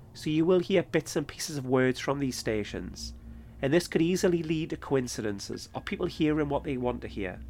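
A man telling a first-person ghost-hunting story as podcast host, in a measured, steady delivery. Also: fairly high pitch, a little hiss or hum.

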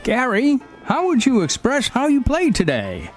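A man playing an eager, lively sports reporter. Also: very high-pitched, unhurried, soft background music, heavily acted. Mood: pressing. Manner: pressing, questioning reporter tone. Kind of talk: comedy radio sketch.

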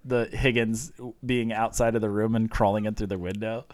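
A podcast co-host with a lowish voice chats casually while recapping a TV show, speaking at normal speed with fairly even intonation in a dry recording. He rambles, retelling scenes with quoted lines and plenty of fillers and restarts.

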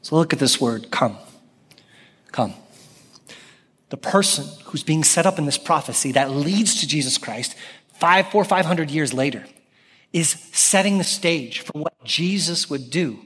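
A pastor in his thirties preaches with animated energy, calling out lines of scripture. His voice sits fairly high for a man. It rings through a church hall with long reverb. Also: moderate pace, breathy edge. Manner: animated, calls out scripture loudly. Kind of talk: sermon. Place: church sanctuary.

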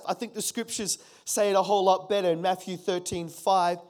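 A man's voice: high voice, fairly even intonation, brisk, hardly any pauses, darkish tone. A man in his forties preaching a sermon as pastor, emphatic, repeating key phrases and calling on the congregation to respond.

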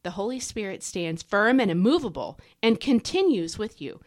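A woman hosting a devotional podcast, teaching casually and emphatically, a fast talker with fillers and self-corrections. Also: mid-range voice, very animated. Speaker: podcast host. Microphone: podcast microphone.

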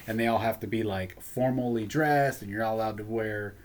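An opinionated, animated man chatting casually about wrestling, laughing often. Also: fairly low pitch, a little fast.

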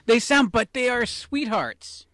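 A man co-hosting a casual podcast, animated and teasing, laughing often. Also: very high voice, measured pace, no room sound. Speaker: podcast co-host. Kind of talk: casual chat.

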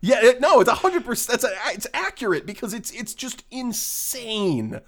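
A man co-hosting a casual film-review podcast, sardonic and animated, acting out lines from the film. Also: very high-pitched, normal speed. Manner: animated and sardonic, acts out quotes. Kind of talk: casual chat.

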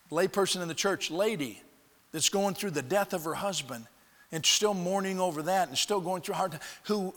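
A man preaching a sermon, telling a story with lots of restarts and acting out the people in it. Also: high-pitched. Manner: animated storyteller acting out dialogue, frequent restarts. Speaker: pastor. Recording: long hall reverb.

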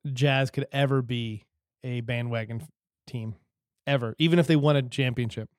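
A man's voice: mid-range voice, fairly even intonation, moderate pace, dry recording. A man from Utah hosts a casual podcast conversation with friends. He talks in a laid-back way and laughs easily, his voice sitting in a middle register. The sound is dry and close to the mic. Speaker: podcast host. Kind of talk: casual chat.

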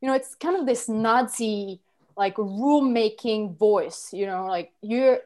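A woman's voice: a little high, unhurried, a little mellow. A woman acting coach giving workshop instructions, encouraging, with stammered restarts and repeated words.

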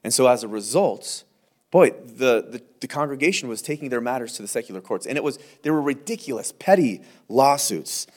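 A man's voice: mid-range voice, expressive, brisk. A man, a pastor, teaching through scripture verse by verse in a conversational, emphatic way, often restarting and repeating words.

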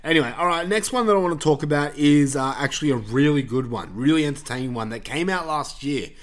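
A man's voice: fairly high pitch, animated, quick pace. A man hosting a podcast, chatting casually about films with blunt, sweary opinions. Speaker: podcast host reviewing films. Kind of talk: casual chat.

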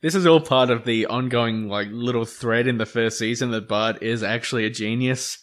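A man co-hosting a podcast, dry and deadpan, who swears casually. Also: medium pitch, normal speed. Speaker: podcast co-host. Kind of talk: casual chat.

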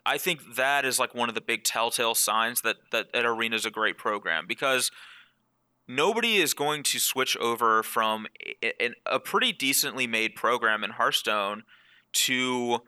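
Man, very bright voice, smooth and clear, casual chat, repeats words. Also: medium pitch, normal speed. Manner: loose, repeats words, many likes. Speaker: professional card player, panelist.

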